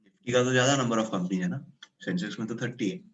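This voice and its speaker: A man's voice: mid-range voice, very fast, highs cut off. A man with an Indian English accent giving a classroom lecture, questioning students and explaining step by step while slipping into Hindi.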